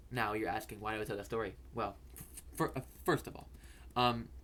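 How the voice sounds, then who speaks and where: A man's voice: fairly low pitch, fairly even intonation, brisk, a bit bright, slight background noise. A young man hosting a fantasy football video, telling a story in a rambling way, stammering and repeating words and swearing casually.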